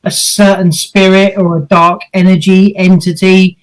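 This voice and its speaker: High-pitched bloke, blunt and sweary, podcast guest talking ghost hunting. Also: male voice, flat delivery, unhurried, clear, resonant tone, low-quality recording. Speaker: paranormal investigator guest. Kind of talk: casual podcast chat.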